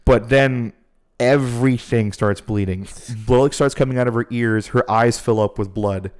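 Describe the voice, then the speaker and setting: A man on a podcast telling a story in a loose, animated way and swearing often. His voice sits at a middle pitch, with nothing unusual in its tone. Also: measured pace. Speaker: podcast host. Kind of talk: casual chat.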